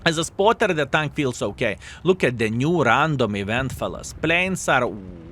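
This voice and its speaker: A man with a Lithuanian accent doing lively, playful gameplay commentary and talking straight to his viewers. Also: medium pitch, normal speed, slight background noise. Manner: animated, playful, addresses viewers as fellas. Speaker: gaming YouTuber.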